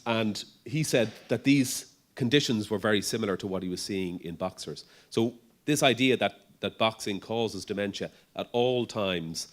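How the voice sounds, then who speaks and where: A middle-aged man, a neurologist giving a conference presentation in a conversational way, with frequent ums, restarts and light humor. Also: medium pitch.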